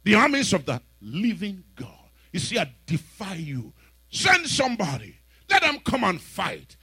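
A man preaching a sermon who retells scenes dramatically and rises to shouts. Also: sits high, huge pitch swings, measured pace, gravelly, slightly rough, no echo. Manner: dramatic storytelling, acting out characters, shouting peaks.

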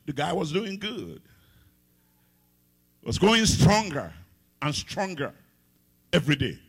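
A middle-aged man from Africa preaching a sermon as pastor, swinging between loud sung-out phrases and hushed, low asides. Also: very animated, slow, husky.

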